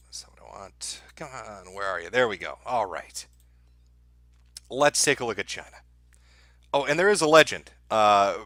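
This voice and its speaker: A man's voice: mid-range voice, dry recording. Sardonic, foul-mouthed man streaming. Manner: sardonic, profane, dark-humored. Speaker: livestream host. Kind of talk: casual livestream commentary.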